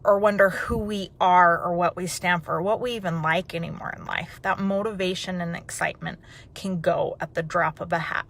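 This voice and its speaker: A woman telling a personal story in a chatty, animated way, then turning it into an encouraging message. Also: lowish voice. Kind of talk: personal storytelling and motivational talk.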